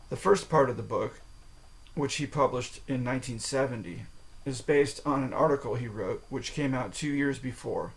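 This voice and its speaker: A man's voice: medium pitch, moderate pace, gravelly, low-quality recording. A man hosting a solo podcast, talking informally, swearing now and then and checking in with the listener with "okay?". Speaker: podcast host. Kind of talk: casual solo podcast talk.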